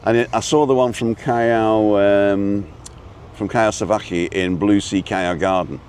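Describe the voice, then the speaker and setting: A man's voice: fairly low pitch, fairly even intonation, measured pace, a little mellow, slight background noise. A man hosting a live walking show outdoors, chatting casually, cracking jokes and reading out viewer names. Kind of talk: casual live-stream chat. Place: outdoors on a street in a seaside town.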